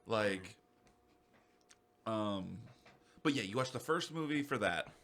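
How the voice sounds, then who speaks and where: A young man co-hosting a podcast in casual chat, rambling excitably and swearing freely. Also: on the low side, slow pace. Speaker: podcast co-host.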